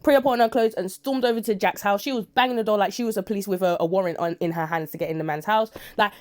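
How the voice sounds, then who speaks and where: A woman's voice: mid-range voice, fast, darkish tone. A woman reviewing a soap opera episode in a casual, rambling recap. She speaks frankly, with blunt asides and quoted dialogue from the scenes.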